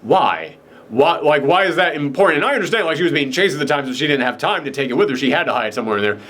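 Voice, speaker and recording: A young man co-hosting a casual film chat, animated and excited, acting out characters' lines as he talks. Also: mid-range voice, racing. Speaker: podcast co-host reviewing a film.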